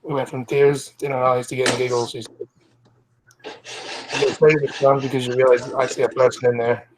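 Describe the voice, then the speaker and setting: Reading news stories aloud in a casual way, a Scottish man hosts a live stream, stumbling over words and clearing his throat. His mid-range voice is flat and a little fast, with background noise present.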